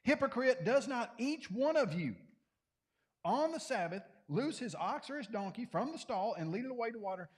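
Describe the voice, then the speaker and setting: A man's voice: extremely high pitch, sing-song, normal speed, a little mellow, voice pushed up. A man voicing a firm, challenging teacher. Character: firm, confronting male religious teacher.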